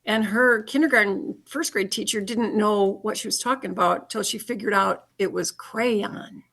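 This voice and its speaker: A woman's voice: mid-range voice, normal speed, creaky, fairly bright tone. An older woman with a Michigan accent, reminiscing in a casual interview and chuckling easily. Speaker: listener guest.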